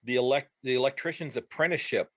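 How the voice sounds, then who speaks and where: A man's voice: medium pitch, fast, fairly bright tone, dry recording. A man from the United States hosting a podcast, asking curious questions with stammered restarts. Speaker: podcast host, teacher. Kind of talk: casual interview chat.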